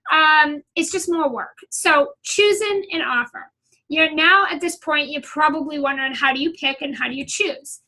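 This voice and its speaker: Middle-aged woman coach, blunt and profane, high bright voice. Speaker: business coach. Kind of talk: coaching talk.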